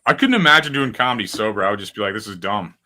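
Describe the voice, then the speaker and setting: A man's voice: lowish voice, animated, very fast, bright, forceful tone. A man hosting a casual podcast chat, rambling and profane as he riffs on stories. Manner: rambling, profane, restless riffing. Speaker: podcast host.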